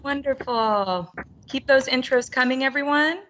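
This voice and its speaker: A woman with a bright, forward tone and a slightly high voice welcomes people on a video call. She hosts an online teacher roundtable and keeps things upbeat and chatty, laughing often. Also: unhurried, soft background music. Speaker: webinar host.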